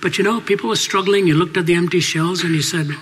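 A man's voice: high-pitched, steady tone, quick pace, a bit bright, a little hiss or hum. An older man giving a Christian talk on faith and culture, posing rhetorical questions and telling anecdotes. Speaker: Christian speaker.

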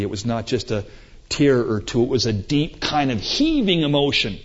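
A man preaching a sermon emphatically, swinging between loud climaxes and quiet moments, with rhetorical questions. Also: mid-range voice, animated, normal speed. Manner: emphatic, rising and falling for effect, rhetorical questions. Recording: dull lo-fi recording.

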